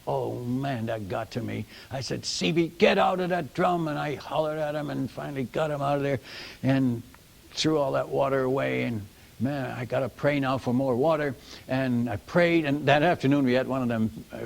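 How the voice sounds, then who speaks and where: An older man, a missionary preacher, telling stories from the pulpit in a folksy, animated sermon style, calling the audience folks and friends. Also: mid-range voice, vocal fry. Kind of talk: storytelling sermon.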